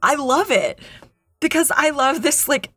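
A woman's voice: sits high, lively intonation, unhurried, pushed and bright, dry recording. A woman co-hosting a podcast in casual, playful chat, joking around and thanking listeners. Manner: playful, jokey, talks of voice acting work. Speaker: podcast co-host.

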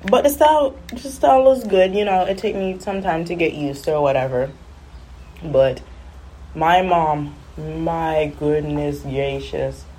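A woman's voice: deep voice, unhurried, warm tone. A woman chatting casually on a vlog, telling a rambling, exasperated story. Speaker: vlogger. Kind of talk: casual chat.

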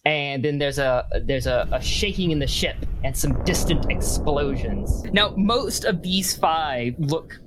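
A woman narrating a tabletop role-playing game as game master, with an animated delivery and frequent "uh" and "um" fillers. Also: low-pitched, unhurried, few pauses, background noise. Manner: lively narration with hesitant fillers.

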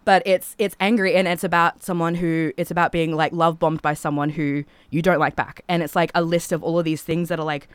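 A woman's voice: fairly low pitch, level tone, a little fast, hardly any pauses, clear, resonant tone, no room sound. Chatty woman, dry close mic. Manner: rambling and chatty, with many filler "like"s. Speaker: podcast guest, singer. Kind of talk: casual chat.

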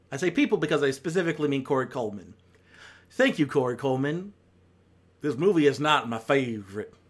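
A man talking casually through a countdown of bad films, rambling and sardonic, with exasperated high-pitched outbursts. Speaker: film reviewer.

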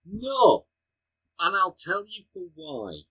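Raspy, bright co-host. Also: male voice, high voice, wildly swooping pitch, slow, low-quality recording. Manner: wry, mock-archaic banter. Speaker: podcast co-host. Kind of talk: casual podcast chat.

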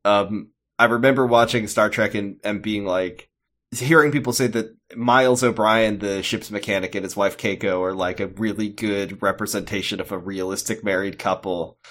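A man's voice: on the low side, fairly even intonation, normal speed, a bit bright. A man co-hosting a podcast, recapping a TV episode in a casual, rambling and jokey way. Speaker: podcast co-host.

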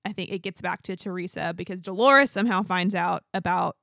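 A woman's voice: fairly low pitch, fairly quick, gravelly, no room sound, studio quality. A woman co-hosting a podcast, chatting casually about reality TV, laughing often and acting out what people said. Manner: chatty, quotes people in animated put-on voices, laughs often. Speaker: podcast co-host. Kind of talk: casual chat recapping reality TV.

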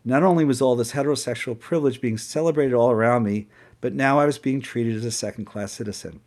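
A man narrates his own memoir in a dry, sarcastic tone. His voice sits at an ordinary middle pitch and pace, with a plain, unforced delivery. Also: quick pace, a little mellow. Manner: wry, sarcastic. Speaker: narrator reading a personal memoir. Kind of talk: first-person storytelling.

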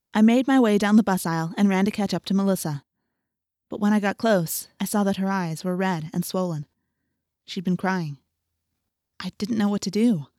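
A woman reading a first-person audiobook in a steady, intimate storytelling manner. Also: medium pitch, no room sound, clean studio sound. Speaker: audiobook narrator.

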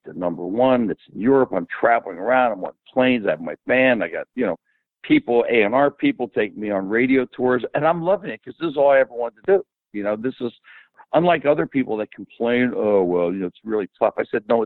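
A man in his seventies, an interview guest, telling animated anecdotes and acting out the dialogue. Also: on the low side, no room sound. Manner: animated anecdote teller who acts out quoted dialogue. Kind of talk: casual storytelling interview. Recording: tinny phone-like dry audio.

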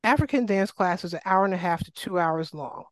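Middle-aged woman from new york telling her story, lively, lots of ums, dry close sound. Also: lowish voice, fairly quick, no room sound. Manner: animated, acts out quoted voices, frequent fillers. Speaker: guest, wellness coach. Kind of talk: casual interview storytelling.

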